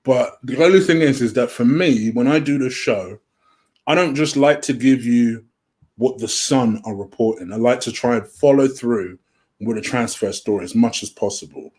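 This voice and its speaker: A man's voice: mid-range voice, normal speed, a little mellow. A man hosting a home-made football transfer rumour show, chatty and easily sidetracked, with a lot of "um". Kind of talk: casual solo commentary. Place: home room.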